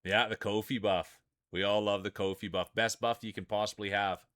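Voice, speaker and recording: A man's voice: on the low side, normal speed, no echo. A man streaming and giving playful sports-style play-by-play commentary on a game, joking and hyping up the players. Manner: excitable, joking, hypes up players.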